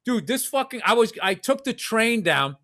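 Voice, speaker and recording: Man, middle-aged, bright voice, high for a man, profane and self-mocking podcast storytelling. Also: sing-song, moderate pace. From Massachusetts. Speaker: podcast host. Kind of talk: storytelling chat.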